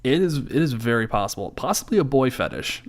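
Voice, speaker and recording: A man's voice: mid-range voice, very animated, brisk. A man with an ordinary mid-range voice, co-hosting a casual podcast about movies. He talks steadily and tosses in dry, joking remarks. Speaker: podcast co-host. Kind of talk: casual movie-review chat.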